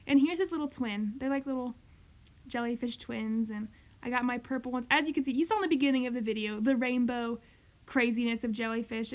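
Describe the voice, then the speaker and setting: A young woman doing a rambling, chatty voiceover for a crochet tutorial, full of "like" and "um". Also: a little high. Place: home craft recording, voiceover.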